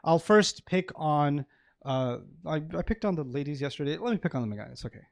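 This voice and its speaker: A male preacher giving a sermon to an audience, animated, acting out everyday examples and laughing often. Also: on the high side, brisk, vocal fry, dry recording.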